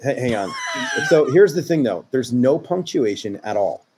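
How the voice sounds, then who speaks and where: A man co-hosting a podcast, reading out listener stories in a halting, laid-back way. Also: mid-range voice, expressive, noisy background. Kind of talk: casual chat and reading aloud.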